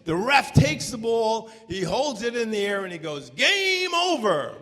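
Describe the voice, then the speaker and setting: A man performs a personal story for a live audience, his high, bright voice swinging widely in pitch and jumping into shouts at the tense moments. The sound carries a long reverb from the hall around the stage microphone. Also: lively intonation, normal speed.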